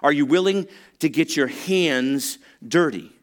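Animated storytelling male pastor. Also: a little high, unhurried. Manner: animated storytelling, acts out voices, humorous asides. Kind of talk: sermon.

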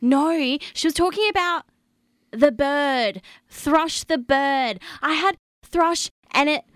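A woman's voice: sits high, takes it slowly, fairly bright tone, dry recording, studio quality. A woman playing a flustered player in a scripted comedy sketch. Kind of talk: scripted comedy role-play.

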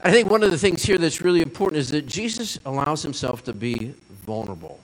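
A man's voice: fairly high pitch, big pitch swings, fast talker, long reverb tail, rough recording. A man preaching a sermon as pastor, earnest, asking the listeners questions and repeating lines for emphasis.

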